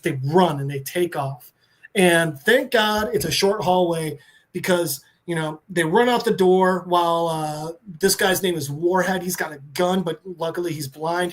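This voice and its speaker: A man on a podcast, recapping a comic book story with excitement and swearing, briefly voicing the characters. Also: high-pitched. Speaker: podcast co-host.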